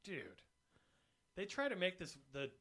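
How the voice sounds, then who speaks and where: A man's voice: high-pitched, unhurried. A young man hosting a comedy podcast, talking casually and ranting with lots of swearing. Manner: profane, ranting, animated. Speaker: podcast host.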